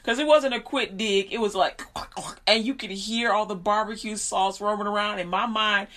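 A woman preaching in an informal storytelling style, animated, laughing often and repeating her phrases. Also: mid-range voice, normal speed.

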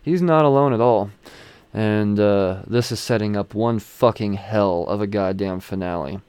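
Low-voiced man rambling about comics. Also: a little slow, darkish tone, clear, resonant tone, dry recording. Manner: rambling, profane, chuckling. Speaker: comic book reviewer. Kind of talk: casual comic recap.

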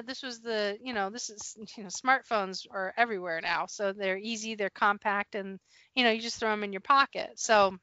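A woman's voice: fairly high pitch, clean tone, no echo, dull audio. A woman telling a story from her years managing a store, laughing as she goes and acting out the conversations. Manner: animated, laughs through her story, acts out dialogue. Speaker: guest recalling past work as a retail manager. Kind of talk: casual storytelling on a podcast.

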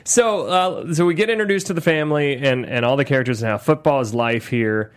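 A man's voice: mid-range voice, clear, resonant tone. A man from Ohio co-hosting a podcast, chatting casually and laughing about a movie. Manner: lively, laughing, quick asides. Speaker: podcast co-host.

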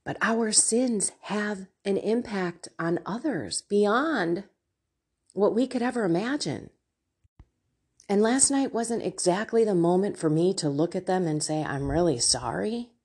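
A woman's voice: mid-range voice, unhurried, darkish tone, slightly rough. A middle-aged woman hosting a podcast, sharing a personal, confessional reflection. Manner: emotional, confessional, with laughs. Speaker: podcast host.

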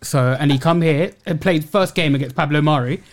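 A man's voice: a little high, noisy background. A man chatting casually about football on a podcast panel, slangy and laughing often. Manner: fast, slangy, laughing a lot. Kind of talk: casual chat.

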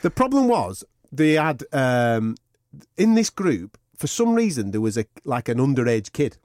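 Male podcast co-host, lively swinging pitch, dry close sound, sweary storytelling. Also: a little slow, no echo. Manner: swearing, animated anecdote-telling. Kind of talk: casual storytelling banter.

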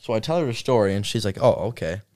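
Animated young man, dry close sound. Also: fairly low pitch, no echo. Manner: animated, quick to jump in and finish others' sentences. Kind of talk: casual storytelling chat.

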